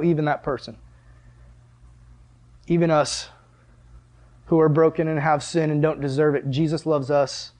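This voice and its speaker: A man's voice: on the high side, darkish tone. A young man preaching a sermon in an earnest, conversational way, full of rhetorical questions. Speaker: pastor.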